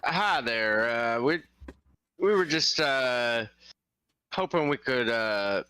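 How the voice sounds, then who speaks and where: A man's voice: mid-range voice, pushed and bright, clear, resonant tone, no echo. A man playing a hesitant, overly formal rogue and chef who stumbles over fillers.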